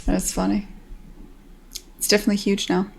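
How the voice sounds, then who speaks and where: A woman's voice: medium pitch, completely flat delivery, a little fast, vocal fry, darkish tone, husky. An American woman in her thirties, a game developer chatting casually on a stream in a rambling way, swearing freely.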